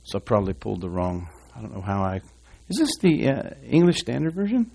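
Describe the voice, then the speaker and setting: Low-voiced preacher guy rambling through a sermon, folksy asides, reads scripture out loud. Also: big pitch swings, a little fast, vocal fry, husky. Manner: reads scripture aloud to the congregation. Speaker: pastor. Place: church.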